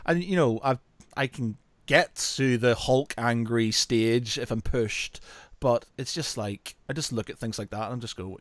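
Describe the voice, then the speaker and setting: A man's voice: medium pitch, a little slow, no room sound. A man hosting a casual podcast chat, rambling, laughing often and saying "mate" and "you know".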